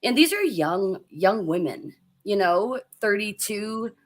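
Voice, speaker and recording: A young woman co-hosting a casual live chat, giving opinions in a measured way with fillers. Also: mid-range voice, expressive. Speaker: co-host.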